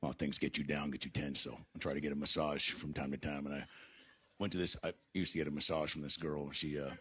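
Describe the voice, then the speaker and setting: Very deep-voiced man telling stand-up jokes. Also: flat delivery, fairly bright tone, husky. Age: 50s. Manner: slow, halting delivery with many "uh"s. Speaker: stand-up comedian. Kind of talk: deadpan stand-up set and interview. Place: comedy club stage.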